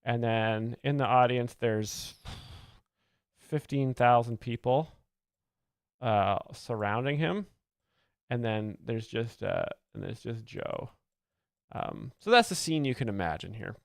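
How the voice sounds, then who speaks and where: A man giving earnest, rambling, deadpan mock-expert commentary as a comedy show host, close to the mic. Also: medium pitch, slow pace, gravelly, long pauses, clean tone, no room sound.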